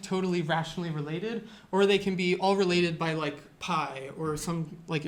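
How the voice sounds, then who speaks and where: Music teacher, mid-range voice, informal classroom lecture, chatty and meandering with many fillers. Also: medium pitch. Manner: loose and chatty, with frequent fillers and self-corrections. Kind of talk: casual lecture.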